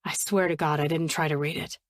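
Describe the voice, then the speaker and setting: A woman voicing a gruff, guarded young man who talks low and blunt, clipped and swearing. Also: steady tone, brisk, no room sound, studio quality, lightly acted. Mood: tense, guarded.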